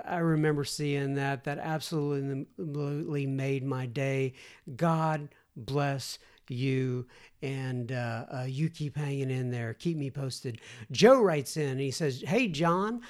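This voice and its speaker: A man's voice: on the high side, unhurried. A male podcast host reading listener emails aloud, breaking in with folksy, chatty asides. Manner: folksy, chatty asides between read letters.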